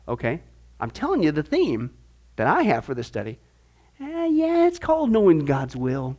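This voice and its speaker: A man's voice: a little high, wildly swooping pitch, moderate pace, a little mellow. A man teaching a discipleship Bible class, asking rhetorical questions and acting out little voices as he goes.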